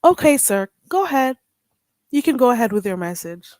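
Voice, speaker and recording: A woman's voice: on the high side, sing-song, moderate pace, darkish tone, no room sound, pitched above the performer's own voice. A woman playing a polite person answering a household phone with a formal, courteous phone manner.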